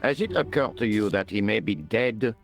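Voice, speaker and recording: An actor playing a dry, condescending police inspector, speaking English. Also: male voice, fairly low pitch, expressive, moderate pace, vocal fry, faint music behind. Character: dry, pompous French police inspector, middle-aged man.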